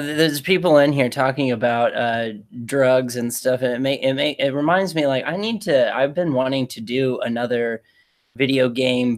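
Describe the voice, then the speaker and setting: A man rambling through a casual live-stream chat as a co-host, reading out viewer comments, laughing often and trailing off with fillers. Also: medium pitch.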